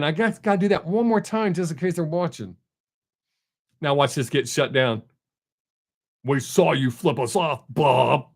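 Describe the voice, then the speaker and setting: A middle-aged man hosts a live stream, chatting casually and bluntly with his viewers and telling stories. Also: fairly high pitch. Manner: blunt, talkative, storytelling.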